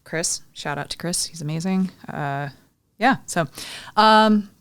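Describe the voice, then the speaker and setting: A woman co-hosting a casual podcast, chatty and blunt, quick to tease her co-host. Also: on the low side, a bit bright, clear, resonant tone, no room sound. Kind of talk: casual chat.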